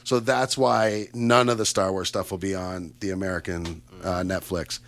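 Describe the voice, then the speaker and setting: A man's voice: sits low, fairly even intonation, normal speed, fairly bright tone. A Canadian man hosting a casual radio chat show, upbeat and chatty with lots of fillers and asides. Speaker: radio host. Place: radio studio.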